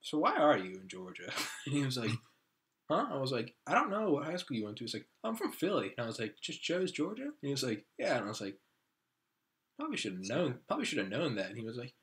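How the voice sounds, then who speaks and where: A man's voice: medium pitch, wildly swooping pitch, fast talker, a bit bright. A young man co-hosting a casual podcast, rambling through anecdotes and acting out what his friends said. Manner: rambling storyteller who acts out friends' lines. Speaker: podcast co-host. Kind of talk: casual chat.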